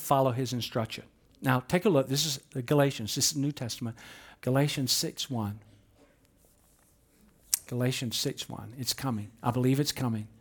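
A man preaching a sermon, telling stories with acted-out quotes and light humor. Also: medium pitch. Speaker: pastor.

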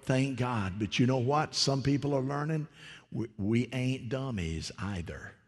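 A male preacher delivering a sermon, swinging from hushed whispers to loud, rising exclamations. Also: mid-range voice, measured pace, in a large hall.

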